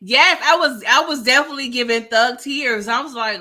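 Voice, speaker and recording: A middle-aged woman chats casually to her livestream viewers. Her voice is bright and sits a little high, and she talks in an animated way and laughs often. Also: fairly quick. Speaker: livestream host reading viewer chat. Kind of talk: casual chat.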